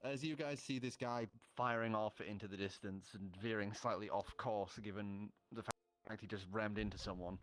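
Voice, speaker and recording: A man narrating a tabletop game as game master, casual and quick to laugh. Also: fairly low pitch. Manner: casual, laughs easily, lively descriptions.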